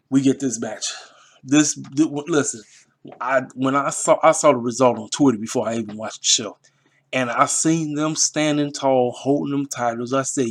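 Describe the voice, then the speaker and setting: A man in the middle of his pitch range rants through a wrestling recap. His talk is casual and rambling, full of emphatic repeats and street slang. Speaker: wrestling review channel host. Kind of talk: casual commentary.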